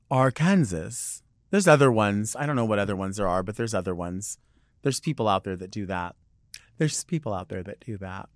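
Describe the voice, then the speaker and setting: A man's voice: mid-range voice, dry recording, clean studio sound. Rambling chatty male podcast host. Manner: rambling, digressive, chatty with many "like"s. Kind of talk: casual solo monologue.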